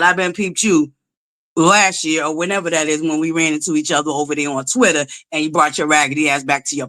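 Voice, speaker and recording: A woman hosting a casual live stream, greeting her viewers in a sing-song way and talking sassy with plenty of swearing. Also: mid-range voice. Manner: sassy, animated, calls out rivals with profanity. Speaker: livestream host.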